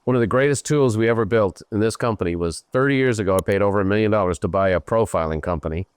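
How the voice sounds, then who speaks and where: A middle-aged Irish man hosting a show, coaching a guest in an animated, emphatic way. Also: lowish voice, fast talker, smooth, dry recording. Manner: animated, emphatic, slips into playful voices for others. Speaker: host and business coach. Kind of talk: live coaching Q&A.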